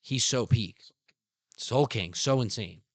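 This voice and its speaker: A young man hosting a casual podcast who talks excitedly, swears a lot and acts out scenes. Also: mid-range voice, slow, dry recording. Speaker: podcast host. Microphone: studio podcast mic.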